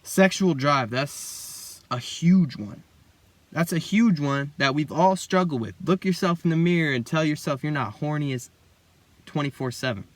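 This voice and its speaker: A man's voice: a little high, moderate pace, no echo. A young man hosting his own self-improvement video, talking in a loose, rambling, slangy way and calling the listener bro. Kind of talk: casual motivational monologue.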